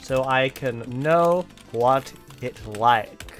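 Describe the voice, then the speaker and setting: A man putting on a meek, slow voice for a shy young man asking for a date. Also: medium pitch, soft background music. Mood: timid.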